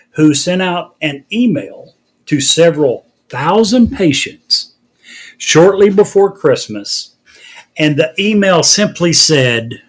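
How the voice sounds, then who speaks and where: A man's voice: on the high side, husky. A man hosting a casual news podcast, recounting stories in a wry way. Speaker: podcast host.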